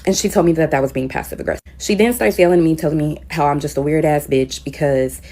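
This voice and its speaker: A woman with a low voice talks fast, a teacher telling a story casually and candidly with frank profanity. She grows louder and more heated as it goes on.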